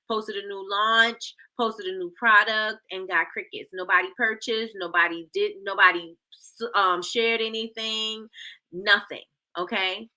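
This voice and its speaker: A woman's voice: medium pitch, pushed and bright. A woman hosting a casual livestream, playfully quizzing her chat and repeating herself, calling them y'all. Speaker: livestream host.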